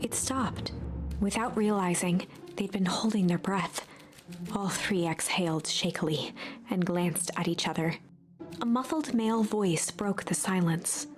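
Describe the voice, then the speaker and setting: A woman streamer reading a game's story narration aloud, hushed and suspenseful, often dropping to a whisper. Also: medium pitch, a little slow. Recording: music playing under the voice. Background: game music.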